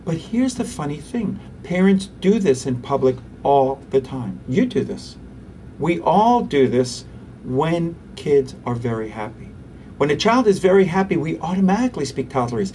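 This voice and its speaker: A man, a pediatrician, giving an interview and explaining parenting techniques in an animated way, acting out parents and kids. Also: fairly high pitch, recorded from a distance, slight background noise. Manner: animated, acts out parents and children.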